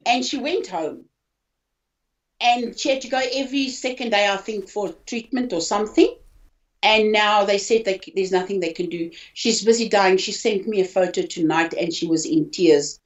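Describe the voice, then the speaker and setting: An older South African woman with a medium-pitched voice recounts her own hospital ordeal as an interviewee and patient. Her emotional account is halting, with repeated words and her voice rising when upset; the lo-fi audio sounds dull.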